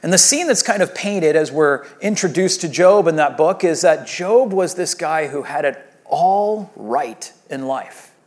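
A male pastor preaching in an easy, talky way, slipping into little voiced quotes as he retells the story. His voice sits a touch higher than most men's. He sounds like he is chatting with his congregation more than lecturing them. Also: animated, a little slow, hardly any pauses, a little mellow. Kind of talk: sermon.

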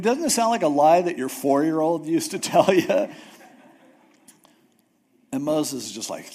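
A man preaching a sermon, retelling a Bible story in a casual, animated way with jokes and acted-out voices. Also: on the high side, measured pace, long pauses. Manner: animated storytelling, acts out characters with jokey asides. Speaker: pastor.

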